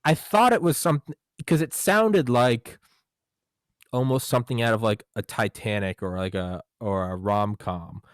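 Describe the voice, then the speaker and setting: A podcast host leads a casual interview chat, telling stories, swearing casually, and animatedly acting out quotes in a raised voice. He speaks at normal speed with a medium-pitched voice, recorded in studio quality with no echo.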